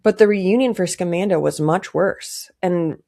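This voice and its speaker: A woman's voice: lowish voice, a little slow, creaky, warm tone. A young woman giving casual, indignant commentary to camera, stressing her points by repeating them. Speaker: pop culture commentator.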